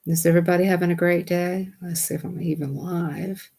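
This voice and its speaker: A woman, hosting a casual livestream from home at night on a desktop computer mic. She chats excitably with her viewers and laughs often. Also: lowish voice, a little fast, husky. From Southern United States. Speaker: livestream host.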